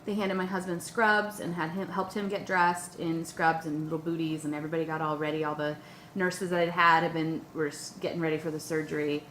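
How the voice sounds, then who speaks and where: A young woman with a slightly low voice tells a personal story to her viewers. She sounds animated and a little breathless, and she fills her talk with "like" and "um". The recording carries a noticeable room echo over a faint background hum. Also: brisk. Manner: excited and breathless, lots of "like" and "um", acts out her own panicked questions. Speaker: vlogger. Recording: echoey room with faint ambient noise.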